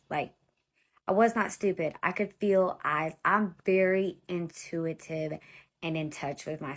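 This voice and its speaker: With a low-sitting, fairly bright voice, a woman in her thirties talks straight to viewers, addressing them as y'all. It's a casual storytime monologue about her own life, told bluntly, with profanity and exasperation.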